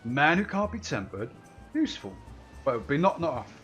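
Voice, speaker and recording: A man's voice: mid-range voice, very animated, a little fast, fairly bright tone, faint music behind. A man reading game lines aloud, voicing a stern, weary, grizzled old pirate captain.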